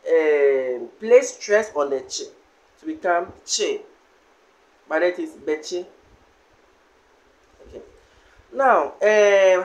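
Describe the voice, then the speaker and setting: Man, language teacher, unhurried, drills each word by repeating it. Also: high-pitched. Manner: repeats each word slowly several times. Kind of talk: slow language lesson with repeated words.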